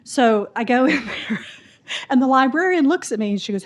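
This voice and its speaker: In a bookstore event room, a middle-aged woman with a Southern drawl, from Mississippi and Tennessee, shares a meandering personal story from the audience. Her voice is high and her pace moderate, the audio dull, and she's a lively, talkative storyteller who performs the quoted lines.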